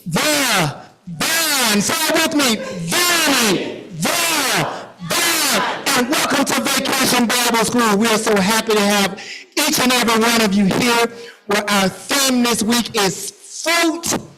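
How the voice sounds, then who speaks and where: A man playing a cheerful, excitable grapevine mascot who playfully quizzes and teases a crowd of children in a church hall. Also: extremely high pitch, slow, very noisy, exaggerated voice. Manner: playful, teasing, quizzing kids. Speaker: costumed character at kids' Bible school.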